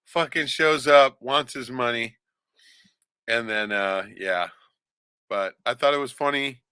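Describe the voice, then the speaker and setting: A man's voice: mid-range voice, slow pace, bright, forceful tone, clean tone, dry recording. A man on a casual podcast, rambling and swearing a lot, often tagging lines with "right?". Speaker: podcast co-host. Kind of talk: casual profane chat.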